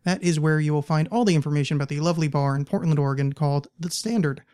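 Guy hosting a podcast, rambly and jokey, slightly high voice, goofing through his plugs. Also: rapid-fire, a little mellow. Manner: rambling, jokey, self-deprecating asides. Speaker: podcast host. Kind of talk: casual podcast intro with plugs. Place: Portland, Oregon.

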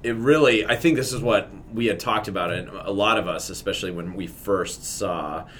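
A man's voice: fairly low pitch, moderate pace, fairly bright tone, a little hiss or hum. A man co-hosting a podcast in casual chat, rambling and joking with many restarts and fillers. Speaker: podcast co-host.

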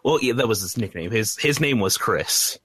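A man's voice: on the low side, lively intonation, normal speed, a bit bright, breathy edge, no room sound. A man on a casual podcast telling a sheepish personal story, on a close mic. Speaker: podcast co-host.

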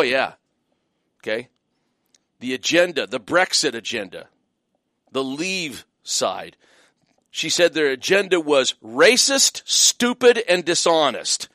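Male radio host, high and lively voice, emphatic and mocking, dry studio sound. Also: no echo. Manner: emphatic, mocking, many fillers. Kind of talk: opinionated radio monologue.

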